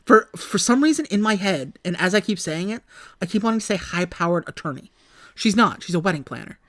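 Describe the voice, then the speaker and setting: A young woman co-hosting a podcast, recapping a movie in casual chat, animated and swearing freely. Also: on the low side, brisk, no echo, studio quality. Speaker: podcast co-host.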